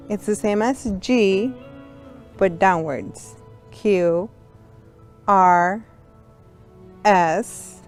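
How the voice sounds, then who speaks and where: Slow, patient woman teaching sign language. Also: mid-range voice, darkish tone, clear, resonant tone. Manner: patient, explains step by step to young students.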